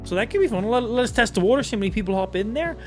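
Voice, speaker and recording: Lively Irish streamer guy in his twenties. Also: high voice, rapid-fire, faint music behind. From Ireland. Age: 20s. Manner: chatty, swearing, reacting to chat. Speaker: gaming streamer. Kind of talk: casual live-stream chat.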